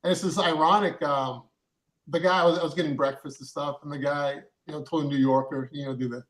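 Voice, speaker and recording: A man who works as an actor, telling a long story in a rambling, halting way. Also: on the high side, fairly even intonation, a bit bright. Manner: rambling, halting, with many fillers and restarts. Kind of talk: casual storytelling.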